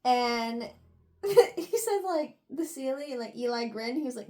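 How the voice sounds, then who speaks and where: A woman's voice: on the high side, unhurried, a little mellow. A young woman chatting casually as she retells a novel's chapters, filling her talk with "like" and "you know" between laughs and sighs. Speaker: book reviewer. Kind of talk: casual chat, retelling a book.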